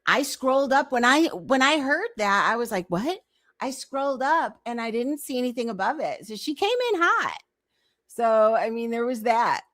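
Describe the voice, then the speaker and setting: Woman host doing commentary, reading chat out loud, amused, dry sound, no room echo. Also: on the high side, very animated, normal speed. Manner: amused, reads chat screenshots aloud. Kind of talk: casual commentary.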